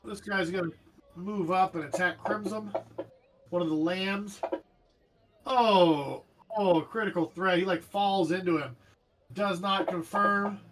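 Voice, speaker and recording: High-voiced, animated male game master. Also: slow pace. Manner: animated, jokey, describes vividly. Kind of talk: narrating a tabletop game. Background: faint background music.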